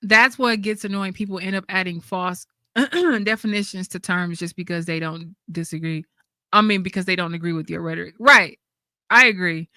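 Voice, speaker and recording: Blunt woman host, bright and sharp. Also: lowish voice, normal speed, no echo. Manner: blunt, laughing often, with slang. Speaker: channel host. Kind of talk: casual livestream chat.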